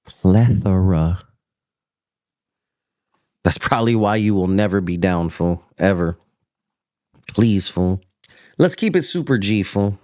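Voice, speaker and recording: A man's voice: lowish voice, animated, unhurried, darkish tone, no echo, highs cut off. A host on a confrontational callout rant, taunting his target and calling him fool again and again. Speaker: show host.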